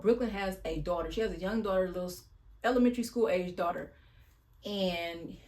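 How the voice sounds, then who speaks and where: A woman giving a casual, blunt recap of a reality show, chatty and slangy, sighing as she retells scenes. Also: on the low side.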